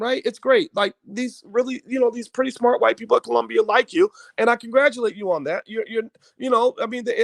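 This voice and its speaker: A man's voice: extremely high pitch, vocal fry, no room sound. A man hosting his own online show, giving opinionated commentary to viewers in an emphatic, preachy way, often repeating words and restarting.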